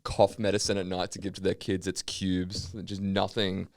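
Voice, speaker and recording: A man's voice: sits low, completely flat delivery, moderate pace, creaky. A young man co-hosting a podcast, swearing, laughing and joking through casual comedic chat. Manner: sweary, laughing, jumps into silly voices. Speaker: podcast co-host.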